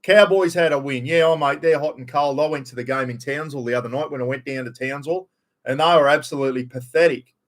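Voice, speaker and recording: A man's voice: mid-range voice, fast talker. A middle-aged man with a broad North Queensland Australian accent, rambling bluntly and swearing freely during a casual live stream chat.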